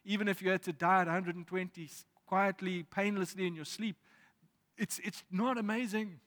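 A man preaching a sermon in a reflective way, reading scripture aloud with pauses. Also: sits high, fairly even intonation, a bit bright. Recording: long reverb of a hall.

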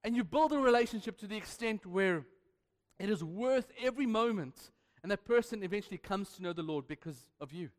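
Male pastor, high voice, emphatic and playful delivery, church hall reverb. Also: expressive, a little fast. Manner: emphatic, playful, repeats refrains. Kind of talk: sermon.

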